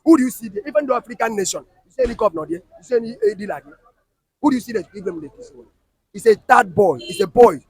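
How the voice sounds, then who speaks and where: A man with a Nigerian Pidgin accent, speaking in a very high, husky voice at a fast clip. He scolds emphatically and keeps repeating his points. The sound is dry and close. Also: lively intonation, darkish tone, no echo. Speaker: street interviewee. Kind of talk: heated street argument.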